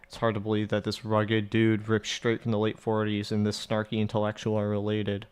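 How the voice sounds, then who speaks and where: A man's voice: lowish voice, monotone, fairly quick, clear, resonant tone. A man casually reading and translating a visual novel aloud, with swearing asides. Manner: casual, swearing asides between read lines. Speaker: let's play narrator.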